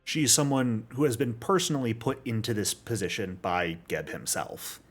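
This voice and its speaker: A man narrating as game master in a deliberate, lively way, with a husky voice. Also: mid-range voice, soft background music.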